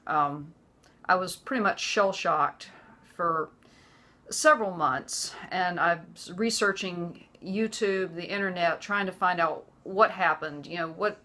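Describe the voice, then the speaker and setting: Woman in her 40s, lowish voice, earnest and halting, keeps restarting sentences, talking to camera. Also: pushed and bright. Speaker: vlogger. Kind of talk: personal testimony to camera.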